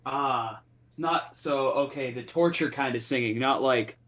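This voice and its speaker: A man's voice: medium pitch, measured pace, a bit bright. An easygoing man voicing his own character in a tabletop game. He keeps a light, joking tone in his replies. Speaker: player.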